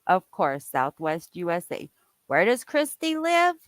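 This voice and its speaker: Animated woman streaming, slow-paced. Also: fairly low pitch, no room sound. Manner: chatty, reacting aloud with laughs. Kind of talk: casual live-stream chat.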